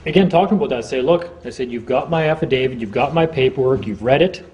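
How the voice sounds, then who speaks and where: A man giving an informal seminar talk to a small group, chatty, acting out courtroom exchanges in quick quoted voices. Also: medium pitch, noisy background. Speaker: seminar speaker.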